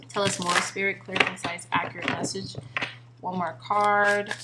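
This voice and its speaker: A woman's voice: on the low side, heavy background noise. Earnest woman giving a tarot reading. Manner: repeats invocations to spirit in a chanting rhythm; earnest and emotionally moved. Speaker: tarot card reader. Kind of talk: pick-a-card tarot reading. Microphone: recording herself on camera.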